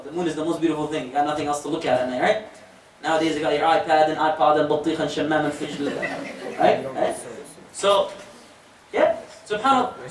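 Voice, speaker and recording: A man giving a storytelling sermon as an imam, animated, with joking asides to the audience. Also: on the high side. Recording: echoey hall, distant mic, faint noise.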